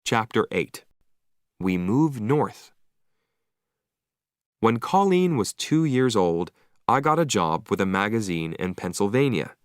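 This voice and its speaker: Slow, expressive male storyteller. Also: fairly low pitch, no room sound, studio quality. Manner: clear, deliberate, expressive reading. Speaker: storyteller for English learners. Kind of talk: slow read-aloud story narration.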